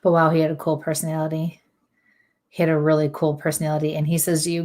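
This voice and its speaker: A woman working as a medium, giving a live psychic reading in a halting, hesitant way with many fillers. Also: low-pitched, completely flat delivery, darkish tone.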